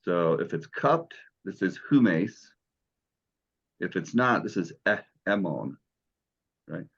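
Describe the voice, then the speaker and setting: A man's voice: sits low, animated, moderate pace, a bit bright, lo-fi sound. A man teaching a beginners' Greek class, explaining letters and sounds patiently, step by step. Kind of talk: classroom lesson.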